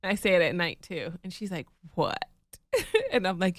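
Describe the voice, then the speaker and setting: A woman co-hosting a podcast in casual chat, telling stories in a lively way and acting out the lines she quotes. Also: fairly low pitch, moderate pace, no room sound, clean studio sound. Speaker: podcast co-host.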